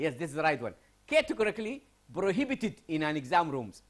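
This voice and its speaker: A male university lecturer from Sudan teaching English writing to a class. His pitch swings widely as he questions students and repeats his points. He talks in a classroom. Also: fairly quick. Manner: lively, asks students questions and repeats phrases.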